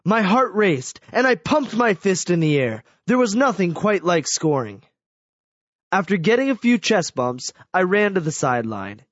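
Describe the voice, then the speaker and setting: A man reading a first-person story aloud as scripted audiobook narration, telling it in an animated way. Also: high-pitched, normal speed, dry recording, lo-fi sound.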